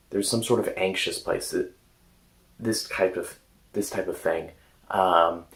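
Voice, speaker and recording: A man with a very deep voice gives a gentle, casual coaching talk. He speaks hesitantly and often restarts or trails off into fillers. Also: animated, unhurried, pauses often, rough recording. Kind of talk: casual self-help talk.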